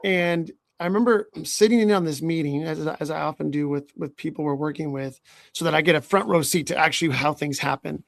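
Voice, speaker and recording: A man's voice: fairly high pitch, brisk, gravelly, no echo. A man hosting a podcast as a leadership coach, giving earnest advice and often checking in with "right?". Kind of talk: podcast conversation.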